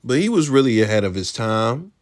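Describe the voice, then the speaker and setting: A man's voice: mid-range voice, sing-song, fairly quick, no echo, studio quality. A man hosting casual, slangy commentary on an old comedy clip, speaking emphatically. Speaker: commentary host.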